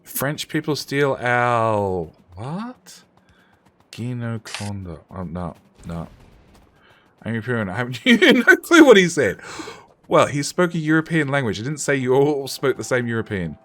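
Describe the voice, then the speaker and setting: This game streamer has a mid-range voice with big swings in pitch, a slightly slow pace, and a somewhat bright tone. Chatting with viewers, he jokes loosely at his own expense, keeps restarting what he says, and swears offhandedly.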